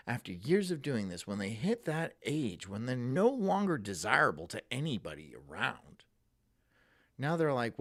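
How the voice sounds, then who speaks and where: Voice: medium pitch, big pitch swings, normal speed. Brief: ranting streamer, heavy sarcasm and swearing, voice swings up and down a lot. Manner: sarcastic, profane, mocking. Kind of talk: ranting live-stream monologue.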